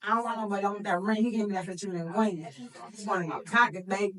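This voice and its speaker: Fast-talking woman over a crowd noise. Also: mid-range voice. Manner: fast, bold and playful. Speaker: podcast co-host. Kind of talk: casual chat. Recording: distant mic with crowd noise behind.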